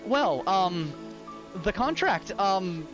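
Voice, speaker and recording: A man voicing a mild, bureaucratic lawyer who talks in a polite, halting way with many pauses and restarts. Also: sits high, sing-song, exaggerated voice. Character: hesitant, fussy male lawyer, mild and bureaucratic. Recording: dull lo-fi with loud ambient music.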